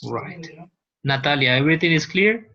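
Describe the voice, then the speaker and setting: A man's voice: a little high, lively intonation, normal speed, gravelly, pushed and bright, dull audio. A man, a teacher giving a university lecture, explaining patiently and often checking that students follow. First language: Spanish.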